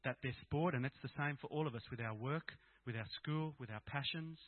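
With a medium pitch and a fairly quick delivery, a middle-aged Australian man gives an open, plain-spoken personal talk to Christian fathers at their gathering. The recording is dry, with a tinny, phone-like sound.

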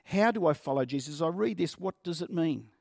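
A man's voice: on the high side, expressive, a little fast, vocal fry, a little mellow, no room sound, studio quality. A male pastor preaching a sermon in an earnest, conversational way, often repeating words and asking the congregation questions.

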